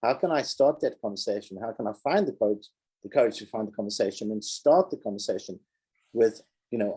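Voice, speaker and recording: A man co-hosting a podcast, speaking in an earnest, emphatic, measured way about personal growth. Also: on the low side, warm tone, slightly rough, poor audio. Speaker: podcast co-host. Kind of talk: earnest reflective discussion.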